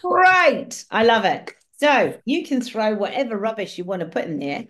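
A woman's voice: fairly high pitch, big pitch swings, normal speed, fairly bright tone. A woman leading an online prayer session on a video call, speaking in an encouraging, storytelling way. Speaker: prayer group leader.

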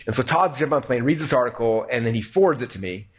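Fast-talking, excitable man storyteller. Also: medium pitch, breathy edge. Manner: excited, animated retelling with acted-out quotes. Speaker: speaker telling a founding story. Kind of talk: storytelling talk to an audience. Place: presentation room with slides.

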